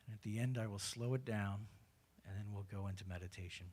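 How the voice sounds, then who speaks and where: A man guiding a spiritual community through a mantra and hand gesture in a relaxed, casual way, with frequent hesitations and restarts. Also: lowish voice, fast, slightly rough. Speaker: meditation leader. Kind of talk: guided meditation instruction. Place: spiritual community service, live-streamed.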